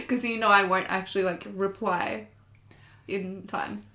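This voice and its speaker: A woman's voice: medium pitch, animated, slow, sharp tone, echoey room. An Australian woman from Victoria co-hosting a podcast, chatting casually, giggling often and trailing off mid-sentence. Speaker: podcast co-host. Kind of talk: casual chat.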